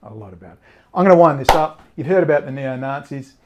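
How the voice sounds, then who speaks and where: A man's voice: on the high side, expressive, fast, background noise. A man giving a ranting, emphatic monologue as an online commentator, often repeating phrases for emphasis. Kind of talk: direct-to-camera monologue.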